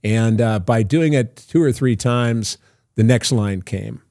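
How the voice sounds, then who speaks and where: A man's voice: medium pitch, slow, warm tone, dry recording, studio quality. An older man, a guest actor in an interview, telling long anecdotes in a loose, self-interrupting way. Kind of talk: casual storytelling interview.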